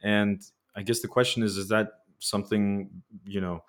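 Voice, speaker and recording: Hombre de voz muy grave, entrevistador. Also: male voice, on the low side, little pitch movement, moderate pace. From Soviet Union. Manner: hesitant, many restarts and fillers. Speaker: podcast host. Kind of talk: interview.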